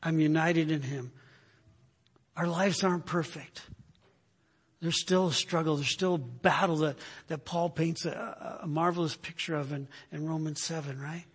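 An older man preaching a sermon, telling animated stories and repeating phrases for emphasis. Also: fairly high pitch, moderate pace, husky. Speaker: pastor. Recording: long hall reverb.

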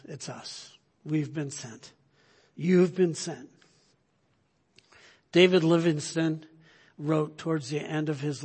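A man with a high, husky voice delivers a sermon. He presses his points with rhetorical questions and moves between loud urging and hushed near-whispers. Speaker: pastor.

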